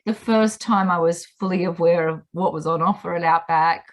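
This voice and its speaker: A woman's voice: lowish voice, normal speed. A woman in her thirties with an Australian accent, a podcast guest chatting casually and acting out the people in her stories. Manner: animated storyteller, acts out quotes. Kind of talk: casual chat.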